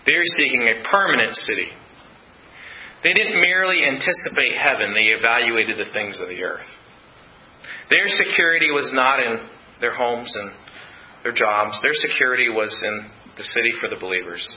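Emphatic pastor preaching a sermon. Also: male voice, medium pitch, lively intonation, moderate pace, dull audio. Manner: emphatic, repeats points and asks rhetorical questions. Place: church.

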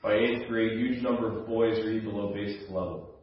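A man delivers an earnest sermon as a pastor, easing into quiet low asides before pressing forward with raised emphasis. His voice carries a heavy room echo and sounds picked up from some distance. The sound is slightly dull. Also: steady tone, normal speed.

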